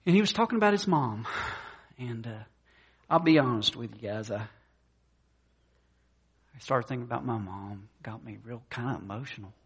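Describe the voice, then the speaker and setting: A man preaching a conversational sermon, talking plainly with many fillers and restarts, and raising his pitch when he voices the people in his stories. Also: animated, moderate pace, long pauses, breathy edge, dull audio. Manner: voices quoted characters in a higher pitch. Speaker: pastor.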